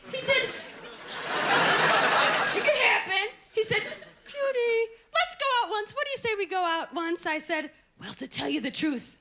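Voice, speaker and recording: A woman's voice: high voice, sharp tone. A woman doing a stand-up comedy routine on stage, brashly insulting the audience. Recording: live show with audience laughter and noise.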